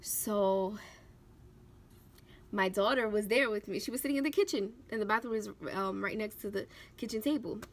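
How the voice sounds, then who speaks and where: At medium pitch and normal speed, a young woman recounts a personal story on her vlog about her life, emotional and animated, heavy on "like" and performed quotes.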